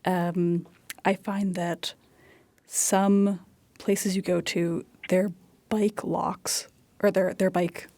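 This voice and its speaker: A man's voice: sits high, flat delivery, extremely slow, a little mellow, no echo. A man appearing as a radio guest, explaining carefully and with some hesitation. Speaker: cycling group guest. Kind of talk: casual radio guest talk.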